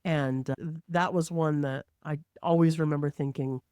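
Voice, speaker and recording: A woman who works as a mortgage lender, telling a work story in an animated, conversational way and acting out the quotes. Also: low voice, moderate pace, dry recording, clean studio sound.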